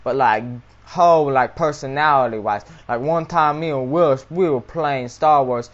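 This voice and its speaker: A young man rambling through an absurd comic story, jumping into high silly voices for everyone in it. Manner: rambling, rapid, doing high-pitched silly voices for the people he quotes. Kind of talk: rambling absurd comedy monologue. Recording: dull lo-fi webcam audio.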